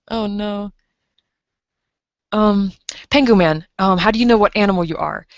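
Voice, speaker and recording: Speaking in a mid-range voice, a livestreamer in her 20s rambles through casual stream chat, heavy on fillers and reading messages out loud. The recording is dry, coming through a dull lo-fi microphone.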